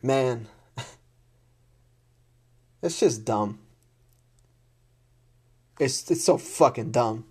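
A man's voice: mid-range voice, lively intonation, slow pace, pauses often, husky. A man in an unscripted rant to camera, blunt and exasperated, swearing often and repeating himself. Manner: blunt, heavy swearing, repetitive; frustrated and exasperated.

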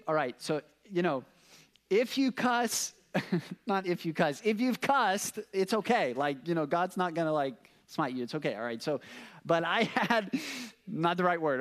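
A young man preaching a casual sermon, telling stories with lots of fillers and animated asides. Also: on the high side, moderate pace. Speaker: pastor.

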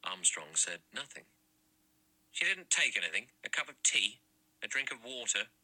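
A man voices a pushy, suspicious man who argues bluntly and aggressively, his husky voice bright and a little raised. A storybook reading. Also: on the low side, big pitch swings, normal speed, heavily acted, low-quality recording.

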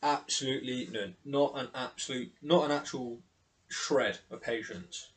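A man's voice: mid-range voice, measured pace. A man hosting his own solo podcast, talking casually and candidly, with some self-deprecating humour and the odd swear word. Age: adult with children. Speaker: podcast host.

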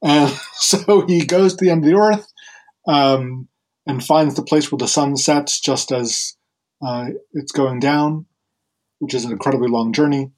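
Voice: mid-range voice, a little slow, a little mellow, poor audio. A host retelling a Greek myth in casual, chatty conversation, with fillers and laughter. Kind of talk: casual storytelling.

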